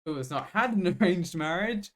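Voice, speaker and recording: A man's voice: sits high, animated, moderate pace, fairly bright tone. A man co-hosting a podcast, chatting casually and joking, explaining things through video game analogies. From Bangladesh. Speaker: podcast co-host. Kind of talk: casual chat.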